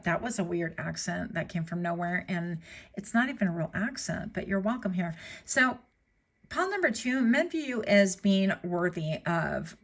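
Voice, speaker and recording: A woman's voice: mid-range voice, sing-song, normal speed, a bit bright. A woman giving a casual pick-a-card tarot reading, chatty and playful, with joking asides to her viewers. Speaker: tarot reader.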